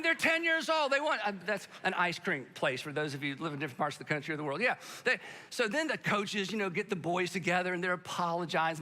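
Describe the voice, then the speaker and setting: A man's voice: high-pitched, sharp tone. A middle-aged male pastor preaching a sermon, telling a story and joking with the congregation. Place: church auditorium. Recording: long reverb of a large church hall.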